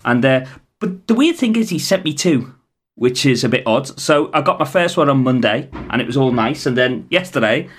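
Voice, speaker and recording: A man's voice: mid-range voice, animated, normal speed, a little hiss or hum. Chatty Scouse man. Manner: chatty, rambling with restarts. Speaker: podcast co-host. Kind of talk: casual chat.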